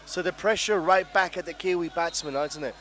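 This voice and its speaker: A man's voice: high voice, brisk, a bit bright. Upbeat male cricket co-commentator. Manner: questioning, enthusiastic co-commentary. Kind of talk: live sports commentary.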